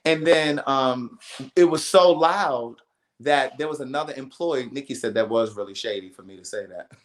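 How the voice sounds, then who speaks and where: Hosting a casual livestream, a man tells a story animatedly and emphatically, looping back and repeating himself along the way. His voice is of ordinary pitch at a normal speed, with a noticeable roomy echo.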